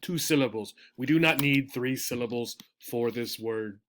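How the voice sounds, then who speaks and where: A man teaching an English pronunciation lesson, patient and explanatory. He often repeats words slowly and checks in with "right?". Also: medium pitch, a bit bright, a little hiss or hum.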